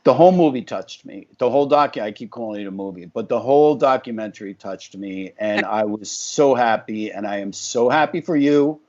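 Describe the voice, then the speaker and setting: A man hosting a radio interview, effusive and halting, with many fillers. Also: on the low side, a little mellow, dull audio. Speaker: radio show host. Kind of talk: interview conversation.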